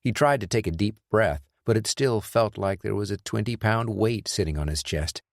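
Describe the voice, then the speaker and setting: Deep-voiced male audiobook narrator. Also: normal speed, vocal fry, no echo, studio quality. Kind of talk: scripted narration.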